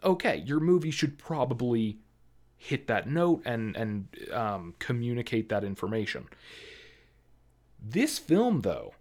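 A man's voice: mid-range voice, big pitch swings, unhurried, darkish tone. A man co-hosting a movie review chat, talking casually with lots of fillers and restarts. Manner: rambling, filler-heavy, many likes and ums. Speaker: movie review podcast co-host.

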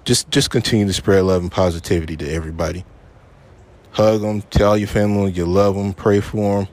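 A man's voice: fairly low pitch, steady tone, brisk, darkish tone. Angry, cursing male podcast host. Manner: angry, profane, repeats himself for emphasis. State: frustrated and upset. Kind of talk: solo podcast rant.

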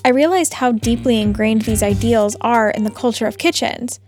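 A woman who hosts a podcast and works as a cook, narrating in a measured, reflective way. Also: fairly high pitch, a little mellow, faint music behind.

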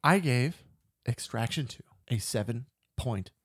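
A man's voice: mid-range voice, lively intonation, unhurried, fairly bright tone, slightly rough, no echo. A man in a casual podcast chat, sure of his views and emphatic, with a mid-range voice. He swears now and then, and the sound is close and dry. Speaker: podcast co-host.

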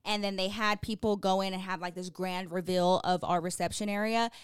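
Animated young woman, smooth and dry. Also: medium pitch, brisk, no room sound. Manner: animated storytelling, acts out quotes. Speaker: podcast co-host. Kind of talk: casual chat.

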